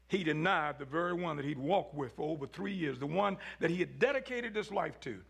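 Male pastor, high and gravelly, preaching with hushed-to-shouted swings. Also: expressive, brisk, few pauses. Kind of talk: sermon.

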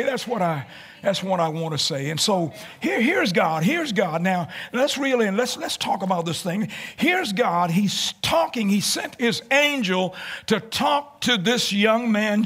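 A male preacher delivers a sermon in church with a high, bright voice. His pitch swings widely as he repeats phrases and climbs into shouted lines. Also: lively intonation, measured pace, breathy edge.

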